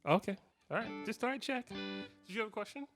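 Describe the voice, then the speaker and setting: A man in his 50s with a high, animated voice speaks a little fast. In a guitar shop's clinic room, he tells a live audience rambling, self-deprecating stories, restarting often.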